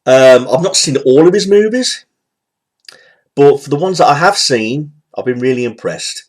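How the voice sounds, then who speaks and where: A man's voice: mid-range voice, expressive, normal speed. A man in his thirties giving a casual, rambling film review, full of fillers, repetition and the odd swear word. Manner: rambling, repeats himself, frequent fillers, occasional swearing. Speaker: movie reviewer. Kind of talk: casual spoken film rant.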